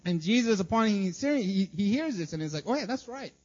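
A man's voice: high-pitched, lively intonation, fairly quick. A man preaching a casual sermon, talking conversationally with many fillers and frequent "right?" checks to the congregation. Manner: filler-heavy, conversational, asks "right?" often. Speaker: pastor. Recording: dull lo-fi sound.

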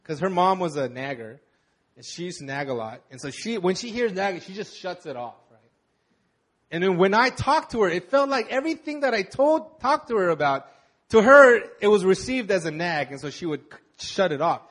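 High-voiced young pastor, candidly preaching. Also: male voice, sing-song, a bit bright. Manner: candid, halting personal storytelling. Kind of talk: conversational sermon.

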